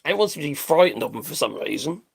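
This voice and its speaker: Middle-aged British streamer, blunt and sweary, rambles; high-pitched with a gravelly edge. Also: male voice, very animated, racing. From Britain. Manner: blunt, sweary, rambling, laughs at own jokes. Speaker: live stream host. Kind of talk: casual live-stream commentary.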